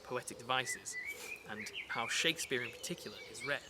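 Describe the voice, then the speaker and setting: A man teaching a lesson in a relaxed, chatty way, with frequent fillers and restarts. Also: medium pitch, fairly quick, very noisy. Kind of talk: casual explanatory lesson.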